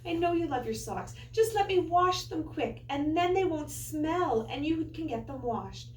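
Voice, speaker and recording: A woman's voice: high-pitched, animated, a little slow, darkish tone, voice pushed up. A woman doing a patient, practical mom. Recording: echoey room, far from mic.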